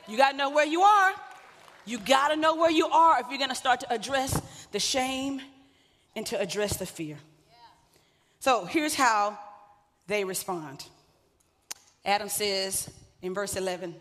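Bright high-voiced woman preaching. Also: lively intonation, normal speed. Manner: conversational preaching, joking asides to the congregation. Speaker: pastor. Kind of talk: sermon. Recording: long hall reverb.

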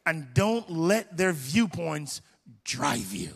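A man with a high, ringing voice preaches a sermon on stage. He talks to the congregation in an impassioned, conversational way, repeating phrases as he builds. His voice carries a long reverb from a large church hall. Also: lively intonation, slow pace, creaky, breathy edge. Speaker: pastor.

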